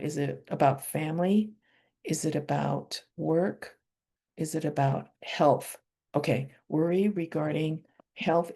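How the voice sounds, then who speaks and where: A woman leading a guided energy healing session over a video call, speaking slow affirmations softly and asking questions aloud as she works through a chart. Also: low voice, vocal fry, slightly rough. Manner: calm, slow affirmations with soft whispered repeats; asks herself questions aloud while dowsing a chart.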